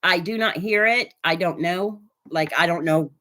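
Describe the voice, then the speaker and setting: A woman's voice: on the low side, normal speed, sharp tone, slight background noise. A woman from Oregon chatting on a live stream while she gives a tarot reading, with lots of fillers and hesitations. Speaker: tarot reader.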